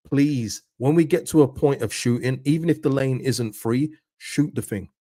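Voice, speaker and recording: A man hosting a live football watchalong stream, reacting excitedly to the match and answering viewers' chat messages. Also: medium pitch, no room sound, clean studio sound. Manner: excitable, pleading, chatty with viewers.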